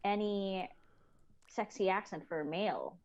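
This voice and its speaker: A Filipino woman with a Filipino accent, co-hosting a casual podcast and speaking frankly, often pausing to search for words. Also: mid-range voice, darkish tone, muffled recording. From Philippines. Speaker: podcast co-host. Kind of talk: casual chat.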